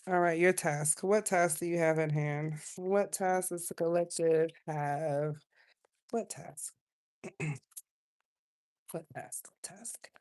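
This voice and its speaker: Low-voiced chatty woman reading tarot. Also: slow pace. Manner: chatty, loose and expressive, swinging between soft asides and loud outbursts. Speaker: tarot reader. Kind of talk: casual live tarot reading.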